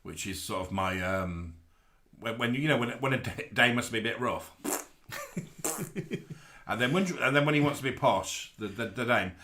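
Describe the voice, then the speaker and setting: A man from the UK co-hosting a casual live stream, chatting in an animated way and often tripping over his words. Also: mid-range voice, moderate pace, long pauses. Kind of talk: casual chat.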